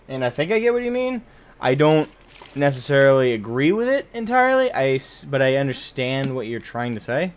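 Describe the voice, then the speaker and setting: A man's voice: mid-range voice, sing-song, brisk. A man streaming a game live, chatting casually with viewers, rambling and correcting himself as he jokes with the chat. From United States.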